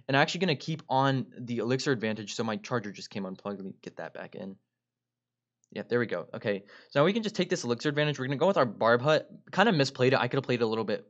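A man's voice: mid-range voice, fairly bright tone, dull audio. Man giving upbeat gameplay commentary. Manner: upbeat play-by-play, keeps addressing viewers. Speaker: gaming video creator.

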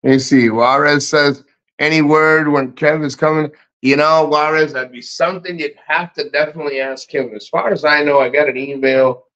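A man's voice: on the high side, fairly even intonation, moderate pace, a bit bright. A man hosting a casual livestream, reading chat and giving blunt, profane motivational rants. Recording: muffled lo-fi stream audio.

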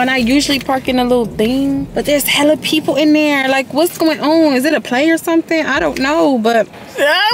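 A woman's voice: high voice, fairly quick, hardly any pauses, slight background noise. A young woman vlogging to her viewers while driving around and walking city streets, chatty and full of slang, calling her audience y'all. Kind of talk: casual vlog chat to camera.

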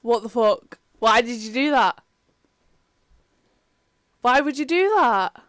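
A woman with a high, bright voice chats through a gaming session. She swears freely and sounds exasperated, her pitch swinging widely as she talks. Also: animated, slow pace, no echo. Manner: swearing, exasperated, rising to outraged yelling. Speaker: sister playing a video game. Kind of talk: casual gameplay chat.

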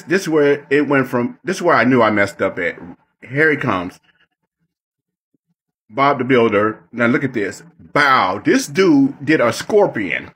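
Husky man, mock-dramatic streamer rant. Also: on the high side, a bit bright. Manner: theatrical, mock-emotional, repetitive emphasis. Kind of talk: mock-dramatic gaming commentary.

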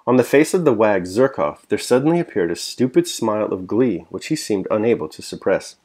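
A man with a low voice reads a classic novel aloud in a measured, steady way. Afterward he turns to his own reflection on the chapter, still calm and even. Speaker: reader and host.

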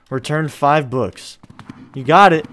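A man's voice: fairly high pitch, animated, slow, faint music behind. A young man playing a horror game, swearing, yelping and laughing nervously as he goes. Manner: jumpy, loud swearing, yelps and nervous laughter. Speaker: gamer.

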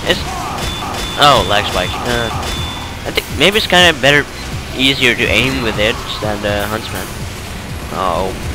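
Man from norway, tired, rambling game commentary, very slow, game music under it. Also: mid-range voice, lively intonation. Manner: rambling, self-correcting, chuckling. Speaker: let's play gamer. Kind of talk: casual gameplay commentary.

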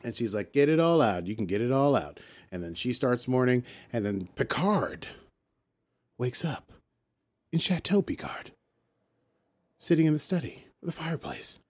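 A man's voice: medium pitch, normal speed, pauses often. Chatty man recapping an episode. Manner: animated, paraphrases characters in a loose chatty voice. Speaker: podcast host.

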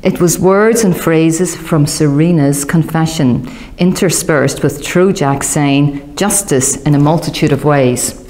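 A woman reading a novel aloud, giving the characters lively raised voices. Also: low-pitched, measured pace. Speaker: audiobook narrator. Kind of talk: audiobook reading.

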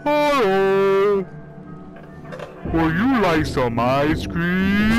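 Man doing a stammering creepy monster. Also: a little high. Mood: creepy sweet. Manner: stammering, repeats words, slow and singsong. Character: stuttering haunted male mechanic creature, creepy. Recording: loud game music behind.

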